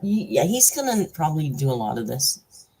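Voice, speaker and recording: A woman's voice: low voice, very animated, normal speed, warm tone, slightly rough, rough recording. A woman hosting a casual live stream from home. She chats freely, laughs often and coos at her pet. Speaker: livestream host.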